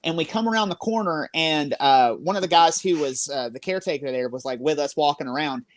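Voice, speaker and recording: A paranormal investigator tells a ghost story on a podcast, rambling with lots of fillers along the way. The voice sits at a middle pitch. The recording is dry and close. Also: fairly quick, no echo.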